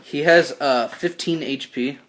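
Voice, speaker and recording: A man's voice: a little high, measured pace, fairly bright tone. A man narrating as game master of a tabletop game in a casual, swearing, easy-laughing way.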